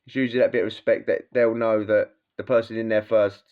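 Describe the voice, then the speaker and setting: A man with a British accent and a low, fairly flat voice tells prison stories quickly and casually, using slang, swearing freely and laughing as he goes. The sound is dull and lo-fi.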